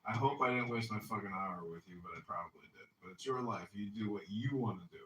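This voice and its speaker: A man's voice: on the low side, fast, bright, forceful tone, a little hiss or hum. A man casually telling a profane, jokey anecdote. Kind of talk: casual storytelling and banter. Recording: roomy, from a distance, faint ambience.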